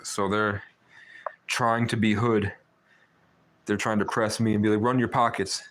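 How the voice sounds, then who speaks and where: Guy on a live stream just rambling on, lowish voice, pretty monotone. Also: unhurried, a little hiss or hum. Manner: rambling and talkative, with many fillers. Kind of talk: casual storytelling chat.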